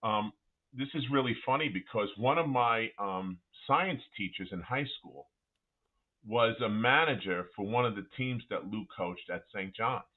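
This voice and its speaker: A middle-aged man, a former college basketball player, telling animated anecdotes as a guest with frequent restarts. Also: lowish voice, moderate pace. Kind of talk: casual interview storytelling. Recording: tinny phone-like line.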